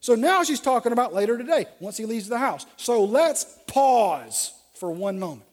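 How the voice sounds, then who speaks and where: A man preaching a sermon, animated, acting out dialogue with shifting voices. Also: extremely high pitch, normal speed. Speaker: pastor. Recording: long reverb of a large hall.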